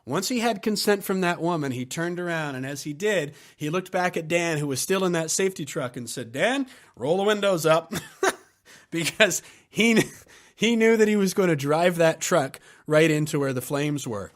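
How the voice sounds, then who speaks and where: A man hosting a podcast who tells a story in a relaxed, anecdotal way and chuckles as he goes. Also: on the high side, moderate pace. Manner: relaxed, anecdotal, laughs while telling. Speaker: podcast host.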